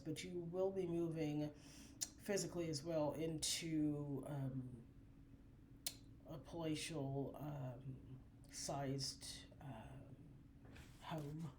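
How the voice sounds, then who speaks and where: A woman giving a spiritual oracle card reading, drawn-out and preachy, full of affirmations. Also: sits low, darkish tone, slight background noise.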